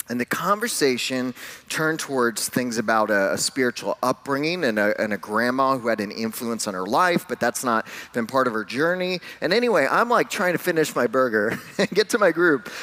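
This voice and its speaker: Man, pastor, sermon, conversational storytelling, self-deprecating humor, mid pitch. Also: fairly bright tone.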